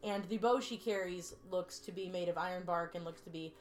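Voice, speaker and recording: A woman's voice: on the low side, a little fast, faint music behind. A woman playing a tabletop role-playing game who describes her character in a hesitant, filler-heavy way. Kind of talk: casual chat and character description.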